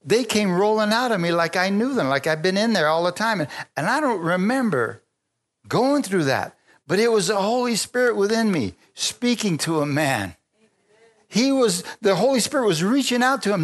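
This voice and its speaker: A man preaching a sermon, telling stories with lively energy, stopping often to restart phrases and calling for amens. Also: high voice, normal speed. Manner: animated storytelling with frequent restarts and calls for amen.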